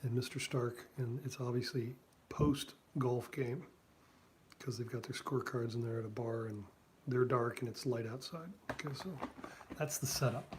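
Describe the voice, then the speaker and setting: Here a male cartoonist talks loosely as he draws for his stream, drifting into asides and filler words. The voice is mid-range and a bit mellow, moving at a moderate pace against slight background noise.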